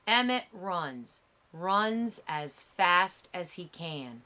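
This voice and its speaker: A woman narrating an audiobook with a measured, dramatic reading. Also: fairly low pitch, expressive, pushed and bright.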